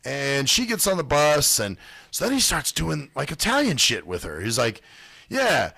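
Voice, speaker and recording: Gravelly guy on a radio show, swearing a lot, doing other people's voices, bright tone. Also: fairly high pitch, very animated, moderate pace, no room sound. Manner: profane storytelling, mimics other people's voices. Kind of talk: casual chat.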